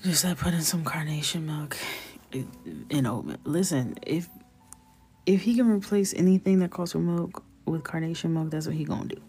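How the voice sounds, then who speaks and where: A woman's voice: low voice, moderate pace, warm tone, soft background music. A middle-aged woman hosting a coloring livestream, chatting casually and jokingly while reading viewer comments. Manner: chatty, joking, reads chat aloud.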